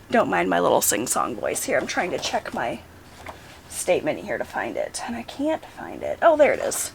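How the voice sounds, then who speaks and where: A woman in her thirties chatting casually and thinking out loud, with frequent hesitations, as she logs her weekly expenses. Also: mid-range voice, big pitch swings, normal speed, creaky, slightly rough. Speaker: budgeting vlogger. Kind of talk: casual talk while logging expenses.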